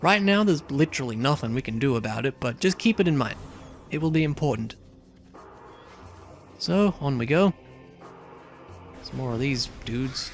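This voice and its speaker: A man's voice: medium pitch, expressive, moderate pace, long pauses, soft background music. A young man casually commenting on a video game as he plays, chatty and rambling, with lots of fillers and asides. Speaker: let's play host.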